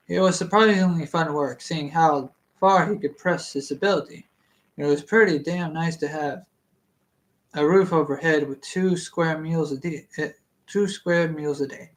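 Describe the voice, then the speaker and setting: Slow, giggly casual book reader. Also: medium pitch. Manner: laughs at own slips, rambling asides. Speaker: audiobook reader. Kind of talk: casual book reading with asides.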